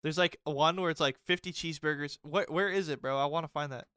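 A young man co-hosting a casual podcast, excitable and swearing a lot, breaking into loud mock impressions. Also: on the high side, fast talker, clear, resonant tone, no room sound, clean studio sound. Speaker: podcast co-host. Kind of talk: casual chat.

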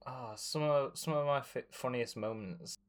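A man co-hosting a podcast, chatting casually about films, hesitant and searching for words as he goes. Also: measured pace. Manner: hesitant, many fillers and restarts, jumps up in pitch. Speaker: podcast co-host. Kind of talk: casual film chat.

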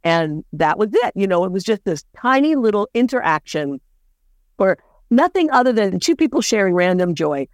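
Woman podcast host, chatty storyteller, bouncy pitch, dry close sound. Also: normal speed, no room sound. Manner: relaxed storyteller, animated. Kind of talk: casual chat.

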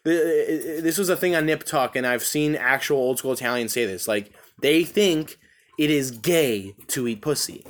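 A young adult man hosting a podcast in casual chat, talking in an excitable, profane, animated storytelling way. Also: a little high, normal speed. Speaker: podcast host.

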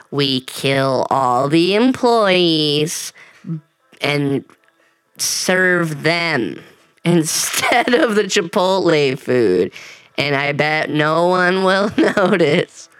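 A man's voice: high voice, fairly bright tone, clear, resonant tone, no room sound, pitched above the performer's own voice, heavily acted. A man voicing an unhinged creature kept in a hole, in a drawling put-on sexy voice for a comedy podcast bit. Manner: slow drawling sexy-voice bit, absurd and violent.

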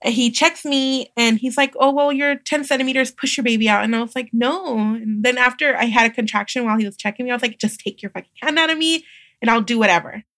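A young adult woman, a midwife guest on a podcast, telling a personal story in a casual, animated way and acting out the voices of others. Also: on the high side, fast talker, dry recording, studio quality. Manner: animated, acts out quoted voices, laughs often.

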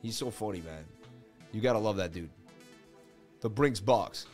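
A man's voice: lowish voice, normal speed, pauses often, faint music behind. A man hosting a casual market-analysis livestream, rambling in a conversational, self-assured teaching way. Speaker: host.

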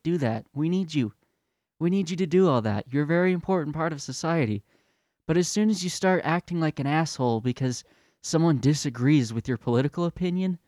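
A man's voice: a little high, darkish tone, no room sound, studio quality. A slightly drunk man hosting a podcast, delivering a fiery, profane, sarcastic political rant. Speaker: podcast host.

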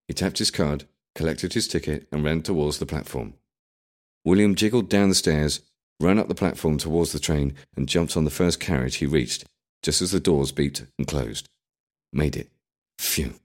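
A man narrating an audiobook in an expressive storytelling manner. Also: a bass voice, normal speed.

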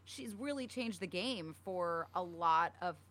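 A woman's voice: on the low side, lively intonation, a little slow, fairly bright tone. A young woman co-hosting a podcast in casual chat, talking with many fillers. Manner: chatty, uses many fillers like "like" and "um". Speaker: podcast co-host.

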